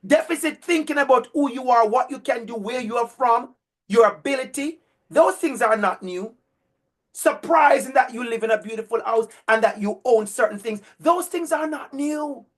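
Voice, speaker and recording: A man's voice: very high-pitched, a bit bright. A man with a Jamaican accent giving a university lecture to a cohort of future teachers. He drives points home with emphatic, preacher-like repetition.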